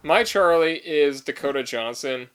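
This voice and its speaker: A man's voice: fairly high pitch, animated, a little slow, fairly bright tone, a little hiss or hum. A man co-hosting a casual podcast, teasing and arguing about movie casting and laughing often. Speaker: podcast co-host.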